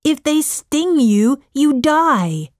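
A woman's voice: high voice, big pitch swings, extremely slow, no room sound, clean studio sound, voice pushed up, heavily acted. A woman reading a story, voicing a curious teenage boy with blunt questions.

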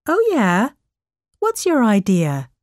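A woman voicing a restless, annoyed teenage girl in a storybook reading, her lines pitched up and pleading. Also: huge pitch swings, slow, no room sound, clean studio sound. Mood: sulky.

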